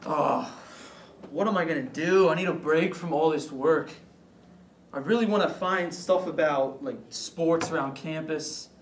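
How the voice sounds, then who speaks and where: A fretful, whiny college guy, played by a young man in a campus skit, a bit higher than most men. His voice sits far from the mic and rings in an echoey room. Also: measured pace, a little hiss or hum, natural voice. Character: stressed young male student wanting campus sports.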